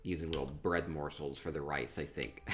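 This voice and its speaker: A man chatting casually through a tour of a game, upbeat and quick to repeat himself, with soft laughs between remarks. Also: rumbling low, fairly even intonation. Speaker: gaming streamer touring player-built homes. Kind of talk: casual gameplay commentary.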